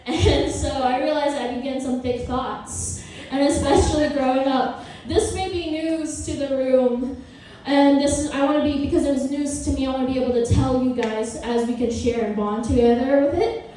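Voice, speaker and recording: High-voiced woman doing stand-up comedy. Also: fairly even intonation, moderate pace, dark tone, a little hiss or hum. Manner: playful, self-mocking, conversational. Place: comedy club with live audience. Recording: roomy, distant live club recording.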